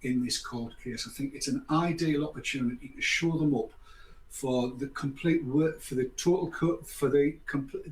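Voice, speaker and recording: At a moderate pace and mid-range pitch, an older man hosts a loose, rambling chat, sarcastic and full of pretend apologies. Faint background noise and room echo come through.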